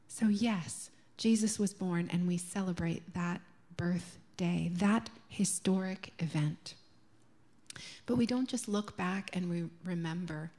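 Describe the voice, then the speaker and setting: Slow, soft-spoken Canadian woman preaching. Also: on the low side. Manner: slow, gentle and reflective, dropping to a soft near-whisper on key words. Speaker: minister. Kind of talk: sermon. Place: church sanctuary.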